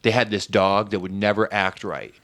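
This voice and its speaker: A man's voice: lowish voice, level tone, normal speed, fairly bright tone, no room sound, studio quality. A man from Connecticut telling a story as a podcast guest in casual, profane chat. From New Haven, Connecticut.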